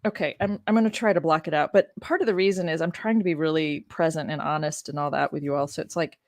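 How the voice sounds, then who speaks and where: A woman's voice: low voice, fairly even intonation, fast talker, dry recording, studio quality. A woman who teaches religion, giving casual commentary on a scripture reading, emotional, exasperated and blunt. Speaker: religion professor.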